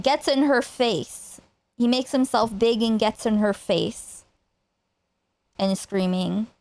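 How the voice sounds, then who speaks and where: A woman's voice: fairly high pitch, no room sound. A woman streamer casually retelling online drama, rambling and restarting her sentences. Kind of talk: casual reaction commentary.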